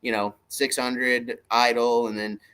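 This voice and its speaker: A middle-aged man chats casually on his fishing livestream. He talks in a folksy, rambling way, greeting viewers one by one in an easygoing drawl. His voice sits at an ordinary, middle pitch. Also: flat delivery, measured pace, pushed and bright, smooth. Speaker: fishing channel livestream host.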